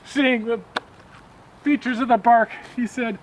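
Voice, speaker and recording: A man with a high voice leads a botany field lesson outdoors among trees. He explains in a friendly, quizzing manner and tells folk tales. Faint background noise sits under his voice. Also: fairly even intonation, a little slow, pauses often.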